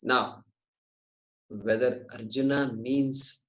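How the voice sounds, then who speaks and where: A man giving a scripture class, explaining Sanskrit terms slowly and with light jokes. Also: mid-range voice, lively intonation, reverberant, poor audio. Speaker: Vedanta teacher.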